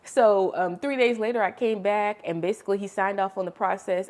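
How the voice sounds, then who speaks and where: A young adult woman vlogger telling a story in casual, chatty storytime style. She is expressive and animated, and she calls the listener honey and girl. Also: medium pitch, a little fast. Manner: animated, expressive storytelling with sharp swings in loudness.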